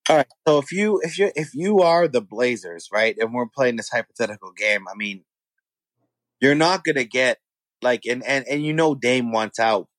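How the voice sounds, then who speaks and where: A man co-hosting a casual sports talk show, excitable and quick to jump in. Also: dry recording. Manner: excitable, swings up in pitch. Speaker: podcast co-host.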